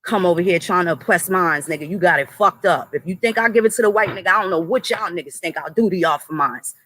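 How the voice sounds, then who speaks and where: Talking fast in a forceful, bright mid-range voice, an adult streamer unloads on the chat and moderators directly, swearing heavily and making threats. It's a low-quality recording.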